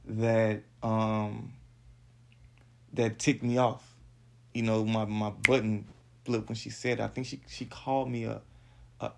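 A man telling a personal story on his podcast, halting and repeating words. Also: on the low side, vocal fry. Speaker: podcast host.

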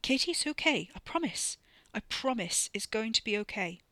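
A woman voicing a panicked young man, high and strained, bursting out in frantic, incredulous outbursts. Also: sing-song, moderate pace, pushed and bright, dry recording. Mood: pleading.

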